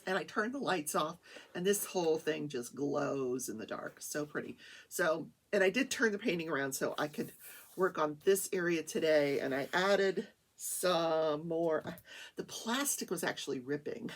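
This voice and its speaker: A woman hosts a casual crafting show from her small home studio. Her voice is husky, and her pitch rises and falls in lively swoops. She rambles from one topic to the next in a chatty, animated way. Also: measured pace. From Wichita, Kansas, USA. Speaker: host of a daily crafting talk show. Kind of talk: casual chat while crafting.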